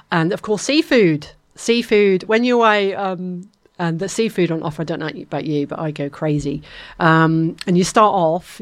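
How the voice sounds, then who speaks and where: Chatty woman radio presenter, low voice. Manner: chatty, rambling, many ums. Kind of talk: casual on-air chat.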